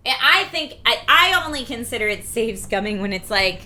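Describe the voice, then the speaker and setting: A woman in her forties with a slightly husky, scratchy voice and a lingering cough, hosting a casual live stream and reading viewer chat aloud. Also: a little high, sing-song, moderate pace, few pauses, sharp tone. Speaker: streamer host.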